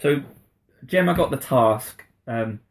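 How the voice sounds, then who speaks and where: A man co-hosting a casual podcast chat. His pitch swings widely as he retells scenes, and he laughs a lot. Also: slow pace. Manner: lively storytelling, laughs a lot. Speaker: podcast co-host.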